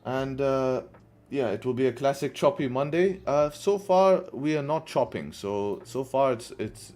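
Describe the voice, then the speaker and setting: A tired, yawning man livestreams his forex trading, chatting casually with viewers, bantering with the chat and repeating "right?" and "guess what." His mid-range voice is animated, a little slow and darkish in tone.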